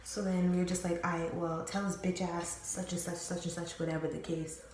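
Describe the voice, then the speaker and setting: This storytime vlogger, a young woman, rambles candidly through a personal story for her viewers, using lots of fillers and swearing. Her darkish voice is on the low side and level, moving a little fast, in a very echoey room.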